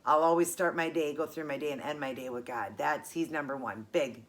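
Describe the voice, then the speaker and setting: A woman's voice: deep voice, fairly quick. A middle-aged woman vlogger chatting casually and earnestly as she unboxes gifts, gushing and emotional.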